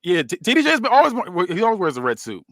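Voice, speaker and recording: A man's voice: high-pitched, huge pitch swings, fast, a bit bright, dry recording. A man co-hosting a podcast, narrating a fantasy wrestling show in casual chat with loose slang and frequent laughter.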